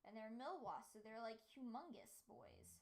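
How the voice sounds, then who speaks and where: Young woman podcast cohost, high voice, rambly animated storytelling with lots of "like". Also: moderate pace, creaky. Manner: animated storytelling with many "like" fillers, high-pitched quoted voices. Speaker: podcast co-host. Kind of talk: casual chat.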